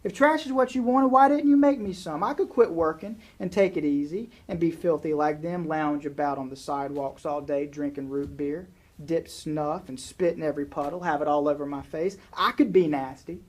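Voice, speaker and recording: A man doing a shrill indignant farm wife. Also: steady tone, moderate pace, few pauses, lightly acted. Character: self-righteous older churchgoing farm wife, indignant.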